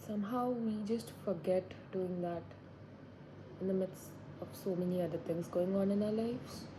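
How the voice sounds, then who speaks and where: A woman's voice: mid-range voice, moderate pace, noisy background. A woman in her twenties, talking to herself in a reflective, rambling way as she sits indoors by a window. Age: 20s. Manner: musing, rambling, talks to herself. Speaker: vlogger. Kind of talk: reflective solo monologue.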